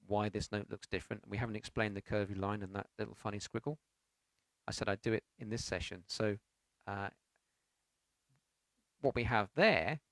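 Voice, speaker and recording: A man's voice: medium pitch, vocal fry, no echo. A man teaching a beginners' piano lesson, explaining notes patiently and counting beats aloud with sung syllables. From United Kingdom.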